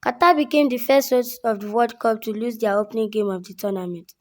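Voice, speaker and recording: A woman reading the sports news in a steady, formal style as anchor. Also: on the high side, brisk. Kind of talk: read news bulletin.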